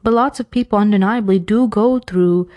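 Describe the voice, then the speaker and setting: This is a woman with a New York accent talking through casual life advice as a podcast host. Her voice is mellow and warm and sits at an everyday pitch for a woman. She talks in a chatty, animated way and drifts into playful, self-mocking asides. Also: normal speed.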